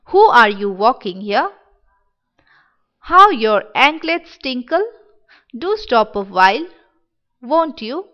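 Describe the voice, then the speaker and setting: A woman reading the part of a sick, wistful young village boy in a dramatic play reading, in a gentle, wondering manner. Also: fairly high pitch, very animated, slow pace, long pauses, dull audio.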